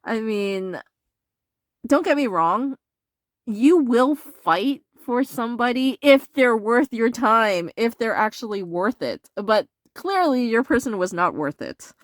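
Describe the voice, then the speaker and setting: A sassy woman reads tarot in a loose, chatty monologue. She talks bluntly, swears often and leans on fillers. Her voice leaps higher when she's indignant, and the recording is dry and close. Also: slow pace, dry recording. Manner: animated jumps into a higher pitch when indignant. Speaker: tarot reader. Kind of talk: casual tarot reading monologue.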